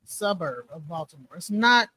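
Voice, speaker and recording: A woman's voice: fairly low pitch, lively intonation, moderate pace, bright, forceful tone, rough recording. A woman co-hosting a live commentary stream, talking casually and rambling, often checking in with "you know what I'm saying.".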